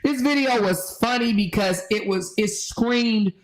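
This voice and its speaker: A woman hosting casual commentary, talking in an animated, slangy way and laughing often. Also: on the high side, unhurried, rough recording. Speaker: host.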